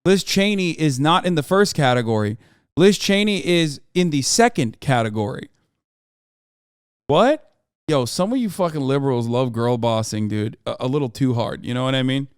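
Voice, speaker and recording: A man's voice: medium pitch, expressive, normal speed, clear, resonant tone, dry recording, clean studio sound. A man in his thirties giving casual, profane live-stream commentary on the news and reacting to his chat. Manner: brash, profane, riffing on chat.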